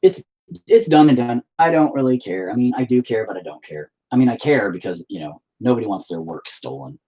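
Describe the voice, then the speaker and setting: A man with a mid-range, mellow, breathy voice and lively intonation rambles briskly to his stream while painting. The chat is candid, full of swearing and self-mockery, and heard via a laptop mic.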